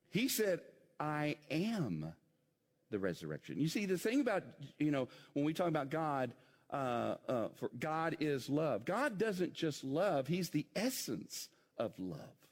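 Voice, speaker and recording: A man preaching in a big reverberant church sanctuary, his voice ringing with a long hall echo. He speaks a little higher than most men, and his pitch swings widely as he puts rhetorical questions to the congregation in a conversational sermon style. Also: sing-song, measured pace. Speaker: pastor.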